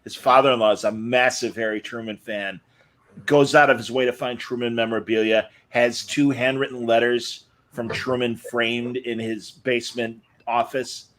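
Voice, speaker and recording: A man's voice: mid-range voice, level tone, a bit bright. A man casually telling a friend's anecdote on a live stream, chuckling between lines. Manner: chuckling, quick reactions. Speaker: comic shop podcast co-host. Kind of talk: casual storytelling chat.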